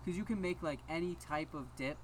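A man's voice: on the high side, fairly quick. A young man in casual podcast chat, opinionated and emphatic, saying "like" a lot. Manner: opinionated, emphatic, says "like" often.

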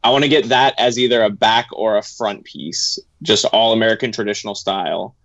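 A man's voice: on the low side, fairly quick, gravelly, a bit bright, dry recording. A young man chatting casually and eagerly, often restarting his sentences. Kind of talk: casual chat. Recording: dull lo-fi recording.

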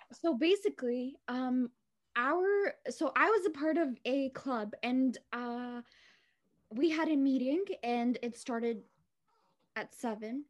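Young woman cohost, high voice, chatty storytelling, acts out all the quotes. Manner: animated, acts out quoted dialogue. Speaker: podcast co-host. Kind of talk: casual storytelling.

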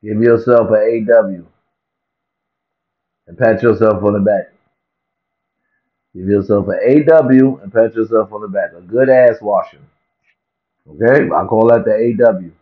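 A man with a lowish voice rants to camera in a vlog at a measured pace, pausing often. The comedic rant is profane, animated, and repetitive for effect, heard in a dull lo-fi recording.

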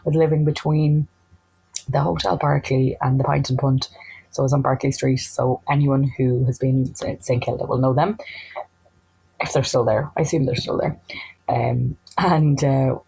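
An Irish woman telling a personal anecdote in a chatty, animated way, acting out the lines of the people in it. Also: very deep voice, moderate pace, vocal fry, a little hiss or hum, rough recording. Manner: chatty, animated, acts out quoted dialogue. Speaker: storyteller.

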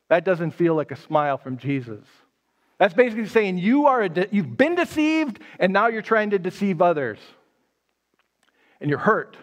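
A man's voice: sits high, sing-song, moderate pace, long pauses. A man pastor giving a live sermon, telling the story conversationally and casting his listeners as the disciple Peter. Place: church sanctuary.

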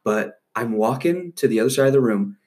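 A man's voice: mid-range voice, brisk. A young man, a guest on a casual podcast, telling a story with lots of laughter and acted-out voices. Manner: animated, laughing, acts out voices in his story.

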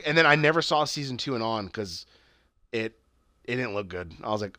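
Man, casual rambling talker with a lively, swinging pitch, curses freely, dry close sound. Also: fairly quick, dry recording. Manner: rambling, profane, trails off and restarts. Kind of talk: casual chat.

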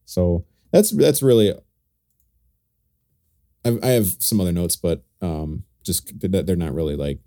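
A man's voice: deep voice, a little slow, long pauses, mellow, dry recording, studio quality. A man co-hosting a podcast, chatting casually about music with many fillers and restarts. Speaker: podcast co-host. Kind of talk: casual music review chat.

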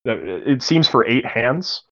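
A man's voice: medium pitch, animated, slow, bright, forceful tone, muffled recording. A young man narrating a tabletop game as game master, describing scenes casually and vividly with many fillers.

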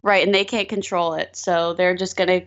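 A woman's voice: lowish voice, little pitch movement, moderate pace. A woman co-hosting a podcast, agreeing and adding to her friend's stories in casual chat. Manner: agreeable, chiming in with short replies. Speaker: podcast co-host. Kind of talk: casual conversation. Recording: dull, lo-fi sound.

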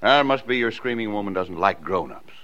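Low-voiced dad, teasing but kind, lively up and down, muffled old radio sound. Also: male voice, fairly quick. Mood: gentle. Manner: fond, teasing. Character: affectionate middle-aged father, indulgent. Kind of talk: 1950s radio drama acting. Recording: dull lo-fi old radio recording.

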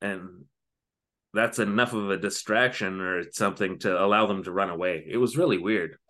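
A man's voice: low voice, moderate pace, a bit bright. A man co-hosting a podcast, casually retelling a TV episode with lots of fillers and asides. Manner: rambling, filler-heavy retelling. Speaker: podcast co-host. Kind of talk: casual chat recapping a TV episode.

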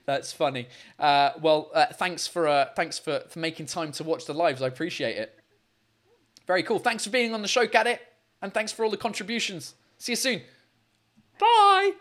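A man's voice: fairly high pitch, normal speed, fairly bright tone. A man hosting a live video call show, chatting in an upbeat way with callers and often stumbling over and repeating his words. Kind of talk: casual live-stream chat with callers. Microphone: computer mic on a video call.

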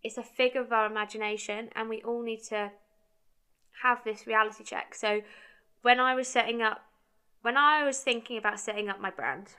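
A woman's voice: fairly high pitch, fairly even intonation, moderate pace, bright, forceful tone, clean tone. A young woman in her twenties telling a casual story, chatty, quoting her own conversations and saying "like" a lot. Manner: chatty, quotes her own dialogue, heavy use of "like". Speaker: brand founder.

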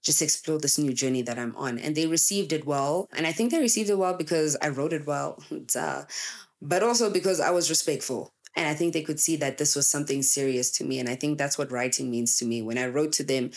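A woman in her twenties, a content creator, talks candidly and emphatically to her audience in casual chat, acting out the people she quotes. Her voice is deep and a little fast.

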